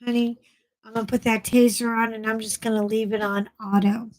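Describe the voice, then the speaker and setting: A woman's voice: a little high, flat delivery, fairly quick, no echo, rough recording. A middle-aged woman hosting a casual live chat with viewers, blunt and chatty, often laughing as she talks. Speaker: livestream host.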